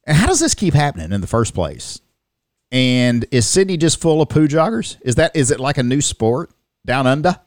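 A man's voice: medium pitch, sing-song, normal speed, no echo, clean studio sound. A man co-hosting a comedic news podcast, reading headlines aloud and joking between them. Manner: jokey, reads headlines aloud, laughs often. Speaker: podcast co-host.

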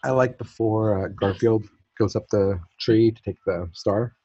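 Low, husky male co-host, lo-fi. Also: steady tone, measured pace, warm tone. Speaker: podcast co-host. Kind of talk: casual chat. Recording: dull lo-fi audio.

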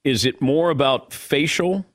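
A man's voice: on the high side, dry recording, clean studio sound. A middle-aged man hosting a talk show, asking easygoing, curious questions. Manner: easygoing, curious, quick to laugh along. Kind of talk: casual interview chat.

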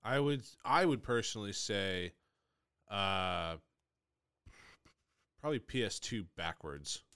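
Laid-back, low-voiced podcast man. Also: expressive, takes it slowly, a bit bright, clear, resonant tone, dry recording, studio quality. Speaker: podcast co-host. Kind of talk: casual chat.

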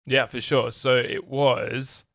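A man's voice: mid-range voice, flat delivery, slow pace, fairly bright tone, dry recording, clean studio sound. A young man co-hosting a casual podcast, upbeat and easygoing as he leads into the topic. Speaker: podcast co-host.

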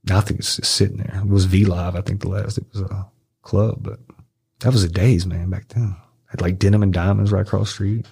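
A middle-aged man from Arkansas, guesting on a podcast, tells rambling, profane stories in casual chat, swearing and acting out other people's lines in a high voice. His own voice is creaky, mellow, and husky, a little fast with little pitch movement.

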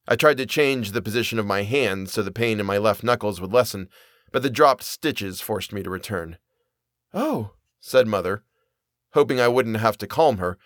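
A man reading a period story aloud as narrator, in an expressive, measured way. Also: lowish voice, no room sound, clean studio sound. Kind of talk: audiobook reading.

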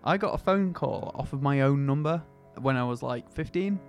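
A man co-hosting a casual podcast, playful and quick with a joke. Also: mid-range voice, lively intonation, faint music behind. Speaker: podcast co-host.

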